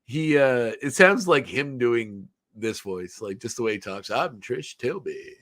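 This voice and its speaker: A man's voice: mid-range voice, expressive, measured pace, fairly bright tone, dry recording, studio quality. A man hosting a podcast in casual chat, rambling with fillers and frequent laughs. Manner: rambling, many fillers and restarts, laughs often. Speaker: podcast host. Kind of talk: casual chat recapping a cartoon episode.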